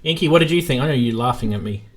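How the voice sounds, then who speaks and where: Male streamer, casual chatty host, mid-pitched, easy laughter. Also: lively intonation, very fast. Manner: laughs easily, chatty with viewers. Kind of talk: casual live stream chat.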